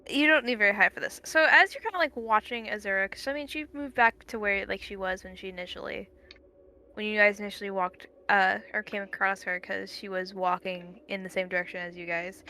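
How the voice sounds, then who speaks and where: Young woman running a tabletop game, bright voice, lots of likes and ums. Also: mid-range voice, fairly even intonation. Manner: halting, many fillers. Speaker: game master.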